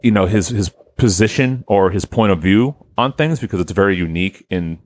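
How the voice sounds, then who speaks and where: A man's voice: lowish voice, lively intonation, fairly quick, darkish tone, dry recording. A man hosting a podcast, talking in a loose, rambling, conversational way. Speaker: podcast host. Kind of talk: casual chat.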